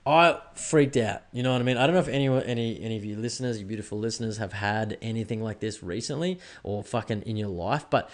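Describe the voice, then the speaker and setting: Australian guy, young adult, podcast host: candid, sweary solo chat with a slightly low voice. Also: fast, few pauses. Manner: candid, sweary, leans on "right?" tags. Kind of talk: casual solo podcast monologue.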